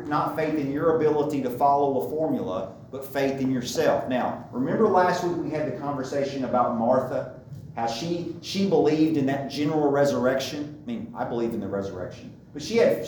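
Preaching at a brisk pace, this man has a mid-range, darkish voice with lively intonation, hammering home his message by repeating key phrases. The recording carries slight background noise and heavy echo from a distant mic.

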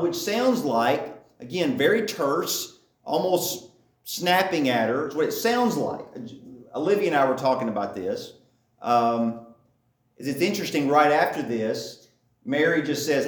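A man's voice: on the high side, animated, normal speed. Chatty man teaching in an echoey room. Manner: chatty, checks in with listeners. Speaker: Bible teacher. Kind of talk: conversational Bible teaching.

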